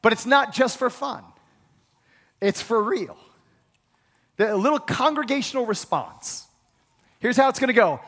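A pastor preaching a sermon to a congregation, emphatic, leading them in call-and-response. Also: male voice, very high-pitched, animated, unhurried, pauses often, a bit bright. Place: large church sanctuary. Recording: long hall reverb.

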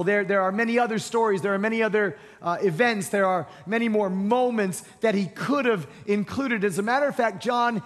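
Male lead pastor, high-pitched, storytelling sermon, long hall reverb. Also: fairly bright tone. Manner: storytelling, reads scripture slowly.

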